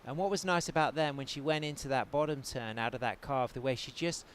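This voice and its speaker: A man's voice: medium pitch, fairly quick, slight background noise. A man with an English accent doing live play-by-play commentary on a surfing contest. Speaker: surf commentator.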